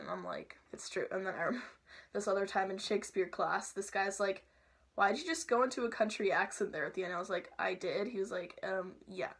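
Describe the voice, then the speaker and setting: A young woman chatting casually and playfully through a makeup tutorial at home, sometimes dropping to soft asides. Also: mid-range voice. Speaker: makeup vlogger.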